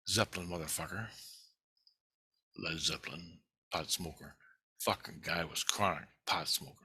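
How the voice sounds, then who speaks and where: Middle-aged man, low voice, bright tone, dry close sound, swearing, rambling storytelling. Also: husky, no echo. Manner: profane, rambling, animated when excited. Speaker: vlogger. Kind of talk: casual storytelling monologue.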